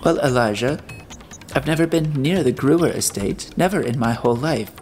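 A man reading an audiobook, voicing a fiery, brittle young woman in a high pleading voice that turns shrill and raspy. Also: lively intonation, normal speed, a little mellow, soft background music, close to an everyday voice. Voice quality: raspy when angry. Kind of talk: audiobook character voice.

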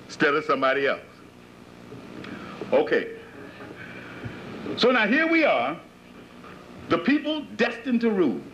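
Lively, high-pitched man preaching. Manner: emphatic, repetitive rhetorical questions. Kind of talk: sermon-like lecture to followers. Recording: dull lo-fi 1980s tape with faint hiss.

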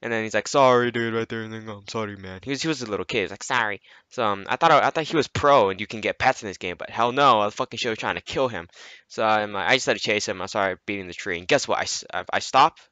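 A man's voice: on the low side, fast talker, pushed and bright, no room sound, dull audio. A man narrating his gameplay in a casual, rambling way, swearing constantly. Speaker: gameplay commentator.

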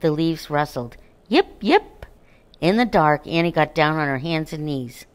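A woman reading a children's storybook aloud, calm, gentle and unhurried. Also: low-pitched, clean tone. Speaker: narrator.

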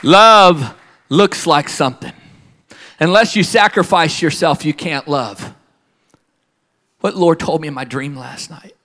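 A man preaches with passion, his voice sitting a little high for a man. He leans on slow, emphatic repetition and drives his phrases home. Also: lively intonation, fairly bright tone. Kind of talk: sermon.

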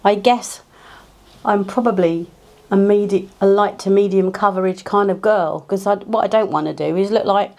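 A woman's voice: medium pitch, steady tone, moderate pace, a little mellow. A woman chatting casually to camera as she does her makeup, rambling with many fillers and restarts, recorded on a cheap clip-on mic at home. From England. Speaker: beauty vlogger. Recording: echoey room sound.

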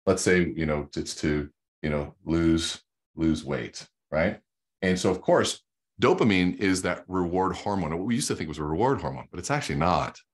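Teaching at a whiteboard, a middle-aged man appearing as a guest sales coach walks through research with emphatic stories and quoted exchanges. He speaks at a normal speed in a low voice with lively intonation, keeping the explanation energetic.

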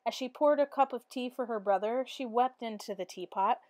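Teacher reading a picture book aloud, a woman with a higher voice and a dry, close sound. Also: normal speed, hardly any pauses, darkish tone, no echo.

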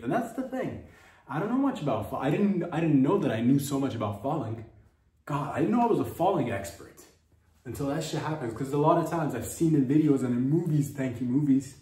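A man's voice: mid-range voice, a little fast. Rambling man in echoey room. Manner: rambling, animated, swearing. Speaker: podcast host. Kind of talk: comedic storytelling. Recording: echoey room, distant mic.

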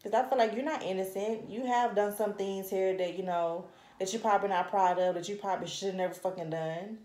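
Woman doing a tarot reading, swearing a lot and scolding, echoey room, average pitch. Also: steady tone, fairly quick, a little mellow. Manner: blunt, profane, scolding. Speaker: tarot reader. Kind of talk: casual tarot reading to camera.

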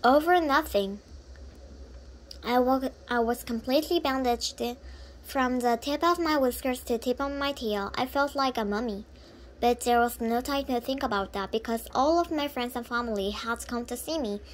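Woman reading a children's book, halting. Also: a little high, slight background noise. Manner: halting, with frequent self-corrections. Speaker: reader.

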